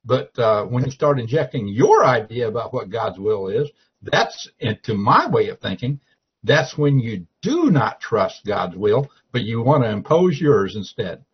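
A man's voice: medium pitch, big pitch swings, a little slow, husky. A man on a Christian talk show making his point in an earnest, homespun way. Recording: dull lo-fi broadcast audio.

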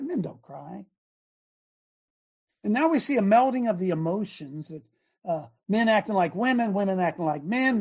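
A middle-aged man hosting a talk show, speaking in an animated, emphatic way with lots of repetition. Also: sits high, vocal fry, breathy edge. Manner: animated, emphatic, repeats himself, often laughs. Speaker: show host. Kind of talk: casual talk show monologue.

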